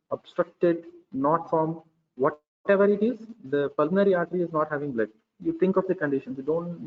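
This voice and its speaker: A man with an Indian English accent giving a medical lecture to students, explaining patiently and pausing often with "okay" and "uh". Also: on the high side, narrow, tinny audio. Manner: explains patiently with frequent "okay" and filler pauses. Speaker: pediatrics lecturer.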